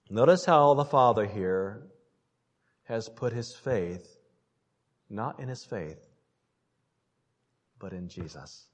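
A man preaching a sermon to a congregation, asking rhetorical questions and swinging between loud emphasis and soft, low asides. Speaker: pastor.

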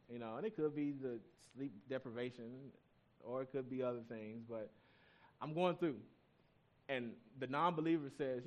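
A man's voice: medium pitch, measured pace. A male pastor giving a sermon, reading scripture and telling stories in a conversational way, with asides to the congregation.

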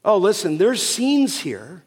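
Man, pastor, sermon, high voice, deliberate emphatic delivery, long hall echo. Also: wildly swooping pitch, darkish tone, breathy edge. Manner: deliberate, emphatic preaching with rhetorical questions.

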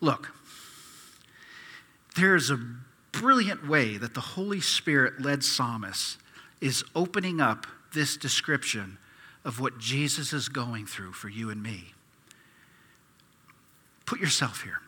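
Impassioned preacher in a reverberant hall. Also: male voice, mid-range voice, big pitch swings, slow pace, pauses often, husky. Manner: impassioned, swings from hushed to loud pleading. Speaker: pastor. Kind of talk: sermon.

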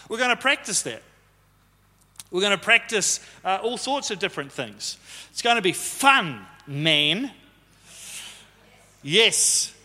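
This is likely a man preaching to his church in a chatty, conversational way while teasing the congregation; he's a pastor in a church hall. His high voice sounds pushed and bright. The live sermon carries a long hall reverb.

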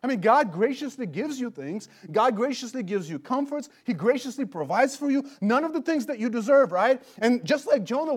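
Male preacher, high voice, animated, leans on rhetorical questions. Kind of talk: expository sermon.

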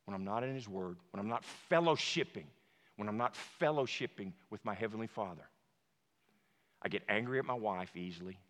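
Forceful preaching man in a reverberant hall. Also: medium pitch. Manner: emphatic, swings from hushed to shouting. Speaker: pastor. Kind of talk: sermon.

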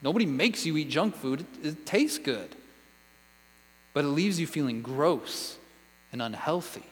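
A man's voice: fairly high pitch, animated, a little slow, long reverb tail, low-quality recording. A man preaching a sermon as a pastor, earnest and conversational, asking the listeners one question after another.

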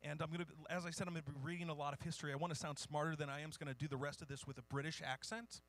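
Bright high-voiced male pastor. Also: flat delivery, racing. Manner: informal, self-deprecating, reads historical quotes. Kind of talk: sermon.

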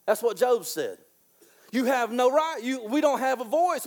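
A man preaching a sermon in an animated, excitable way, repeating phrases and stretching key lines out slowly. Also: very high voice.

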